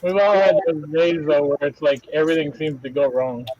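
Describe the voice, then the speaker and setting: Man, slightly high voice, rambling anecdote, casual chat, dull lo-fi call audio. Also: fairly quick, a little mellow. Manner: rambling anecdote teller, chuckles at his own stories.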